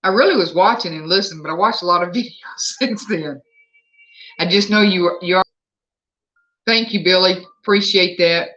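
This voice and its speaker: A livestream host with a Southern US accent speaks at medium pitch and moderate pace in a sharp tone. Chatting casually at home, the host reads viewer comments and answers them aloud, recorded with slightly dull lo-fi sound.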